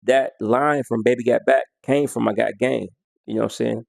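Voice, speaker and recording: A man's voice: mid-range voice, steady tone, moderate pace, vocal fry, no room sound. A man counting down his favorite songs in a casual, slangy way, half-singing lyrics and beats as he goes. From United States. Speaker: music vlogger.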